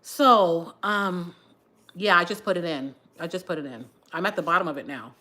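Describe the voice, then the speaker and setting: A woman chatting casually on her livestream, telling a story while doing her hair, with an animated, lively delivery. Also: normal speed. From Texas area. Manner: animated storyteller, shifts to high voice when quoting shouts. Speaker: livestream host.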